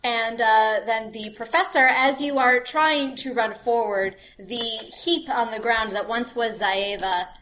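A woman's voice: a little high, pushed and bright. Lady gm narrating the fight, lots of uhs, bit of background hiss. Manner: halting, many fillers. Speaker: game master. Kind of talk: narrating a tabletop game.

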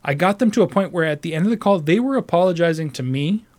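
A man who works in customer service, telling a call story in a rambling, profane, animated way with many restarts. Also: a little high, fast talker. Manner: animated, mimics other voices while retelling. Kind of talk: casual storytelling monologue.

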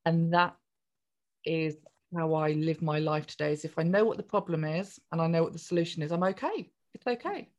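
A woman, a podcast guest chatting through a personal story in a jolly, animated way. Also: sits low, brisk. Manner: chatty, jolly, acts out voices in quoted speech.

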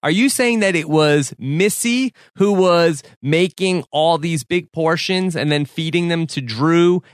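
A man hosting an interview, asking quick questions and teasing his guest. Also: a little high, dry recording, studio quality. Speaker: podcast host.

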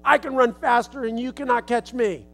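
A man's voice: extremely high pitch, steady tone, normal speed, pushed and bright, soft background music, full character voice. A man voicing a cocky little gingerbread boy who boasts and taunts. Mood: boastful.

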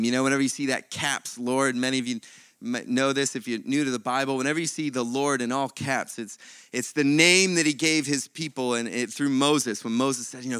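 A man preaching a sermon as pastor, animated, with sudden swings between loud and quiet. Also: medium pitch, no room sound, clean studio sound.

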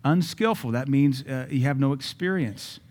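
A man's voice: medium pitch, moderate pace, a little mellow. A man preaching a sermon as pastor at a church service, emphatic and repeating key phrases.

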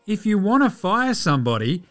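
A man's voice: high voice, big pitch swings, brisk, over music. An Australian man hosting a casual sports news podcast, sarcastic and profane as he mocks the people he talks about. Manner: sarcastic, profane, mocking rants. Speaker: podcast host.

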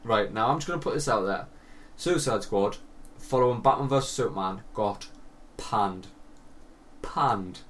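A man's voice: on the low side, a little slow, fairly bright tone. A young man, co-hosting a podcast and telling stories animatedly, swearing and laughing a lot. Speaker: podcast co-host. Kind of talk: casual chat. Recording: voice a bit distant from mic, faint hiss.

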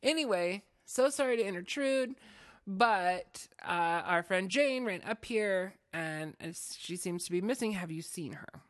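A woman's voice: on the low side, unhurried, few pauses, dry recording, clean studio sound. A woman co-hosting a podcast, chatting casually and retelling a story with lots of fillers. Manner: chatty, animated, many fillers. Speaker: podcast co-host.

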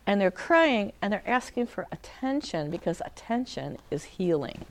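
A woman gives a conversational talk to a small group, with plenty of fillers and restarts. Her voice sits at a middle pitch. The sound is dry and close, with no room echo. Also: moderate pace, hardly any pauses. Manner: animated, acts out a crying child in a high shout. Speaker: speaker on emotional healing.

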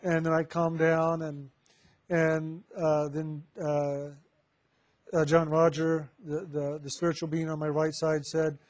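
A man telling a personal spiritual testimony to a group, halting with many fillers and restarts and laughing often. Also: fairly high pitch, little pitch movement, a little mellow. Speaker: member sharing with a spiritual group.

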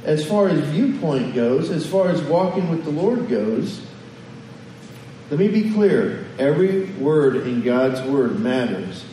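A man preaches a sermon, asking the congregation questions in a conversational, pastoral way. His voice is fairly high and mellow. It comes from well back from the mic in a roomy, echoing hall. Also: big pitch swings, slow pace, a little hiss or hum. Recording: echoey hall from far off.

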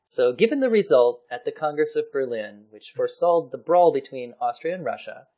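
A man's voice: mid-range voice, lively intonation, fairly quick, warm tone. Male podcast co-host, casual storyteller, easygoing and playful. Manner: chatty, laughs often, slips into playful voices for historical figures. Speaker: podcast co-host explaining history. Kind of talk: casual history podcast chat.

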